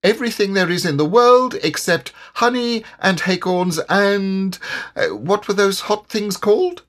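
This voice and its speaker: A man's voice: high-pitched, unhurried, fairly bright tone, pitched above the performer's own voice. A man voicing a bouncy, boastful young male tiger in a storybook reading. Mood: boisterous.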